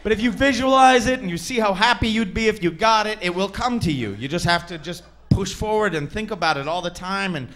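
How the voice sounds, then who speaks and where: A stand-up comedian works a club crowd in a high, bright voice, brash and crude. He pokes at the audience between punchlines with a loud, cheeky delivery. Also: lively intonation, fairly quick, few pauses.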